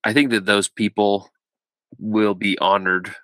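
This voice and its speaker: A man's voice: on the low side, level tone, unhurried, fairly bright tone, no room sound. A man hosting a podcast, reacting briefly and sharing reflective thoughts. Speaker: podcast host. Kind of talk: casual interview chat.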